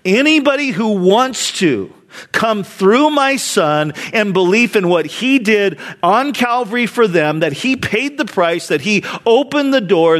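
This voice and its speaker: A man's voice: high-pitched, a bit bright. A middle-aged man preaching a sermon to his church in an earnest, conversational way, often repeating words as he goes. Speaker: pastor.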